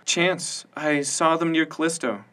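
A man's voice: fairly high pitch, unhurried, sharp tone, pitched above the performer's own voice. A man voicing a stubborn young woman reporter. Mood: tense. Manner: tense, clipped, stubborn.

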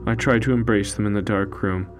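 Solemn low-voiced male storyteller. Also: fairly even intonation, a little fast. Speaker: narrator. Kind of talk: scripted first-person storytelling. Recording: faint music underneath.

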